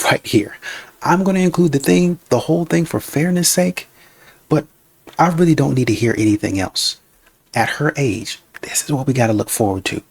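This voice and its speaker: A man's voice: medium pitch, gravelly, breathy edge, no room sound. A man hosting a reaction video, giving casual, blunt, scolding commentary.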